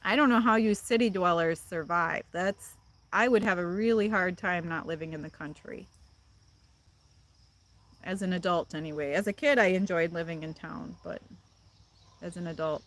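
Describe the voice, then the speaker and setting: Her fairly low, slightly bright voice moves at a moderate pace with frequent pauses. She's a Midwestern livestream host with a Midwestern accent, casually chatting with viewers, responding to comments and laughing often.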